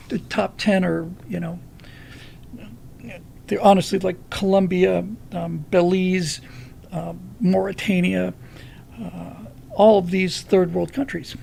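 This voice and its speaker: A man's voice: high voice, creaky, darkish tone, slight background noise. A man hosting a live stream, giving a rambling monologue of political commentary with lots of fillers and restarts.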